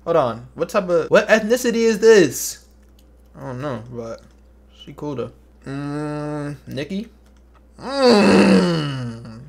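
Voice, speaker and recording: Gravelly young male streamer. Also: on the high side, sing-song, slow pace, long pauses. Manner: slangy, joking, muttered asides. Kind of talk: casual livestream commentary.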